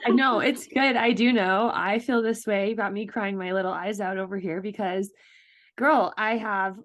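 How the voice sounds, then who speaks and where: A woman host in casual chat, enthusiastic, answering with stories of her own. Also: mid-range voice. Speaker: podcast host.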